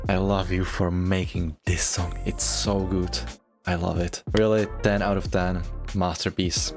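A man with a low voice talks slowly and casually as he reacts to anime. He gushes and gets excited, leaping into high squeals and laughs before settling back down. Anime music plays clearly behind him. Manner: gushing, excitable, with sudden high-pitched outbursts and laughs. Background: anime music playing.

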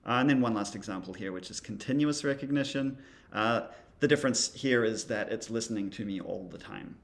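A man's voice: on the low side, fairly quick, vocal fry. A man teaching creative coding in a casual screen-recorded tutorial, thinking aloud as he demonstrates, with a wry, dry humor.

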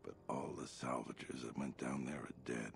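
Gravelly, gruff militia captain. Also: male voice, a bass voice, steady tone, moderate pace, a little hiss or hum, exaggerated voice. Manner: terse, world-weary, businesslike. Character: gruff male militia captain, middle-aged, blunt. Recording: game audio with faint music.

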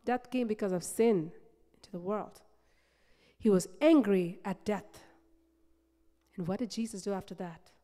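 A woman preaching a sermon in a church, passionate and emphatic, repeating phrases and swinging between loud build-ups and soft, low passages. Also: unhurried, pauses often. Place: church sanctuary. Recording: long reverb of a church hall.

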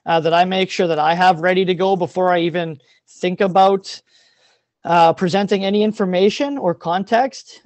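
A man's voice: sits high, no room sound. A man, a teacher giving an earnest, openly emotional presentation over a video call, with many ums.

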